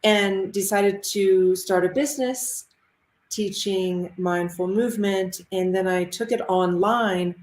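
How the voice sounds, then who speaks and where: A woman from Ohio speaks over a video call in a measured, thoughtful way, pausing to find her words. Her voice sits at a middling pitch, and the room around her adds a noticeable echo. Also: fairly even intonation, darkish tone, slight background noise. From Ohio, United States. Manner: measured, thoughtful, with pauses and fillers. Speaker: interview guest, mindful movement teacher. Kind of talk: casual interview answers. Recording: roomy echo.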